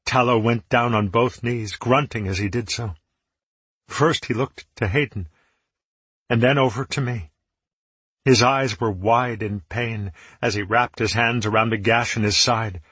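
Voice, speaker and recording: A man narrating a first-person fantasy audiobook in steady, dramatic storytelling. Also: mid-range voice, measured pace, slightly rough, no room sound.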